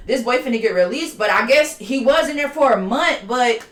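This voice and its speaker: A woman vlogger telling a story time in casual, slangy, animated talk, swearing freely. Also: a little high, moderate pace, roomy sound.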